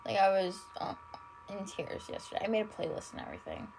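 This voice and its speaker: With a mid-range, creaky, darkish voice that swings hugely in pitch, a tired young woman talks quickly on her casual solo podcast. She rambles, curses freely, uses "like" almost constantly, and gushes with admitted drama. The audio is poor, with slight background noise.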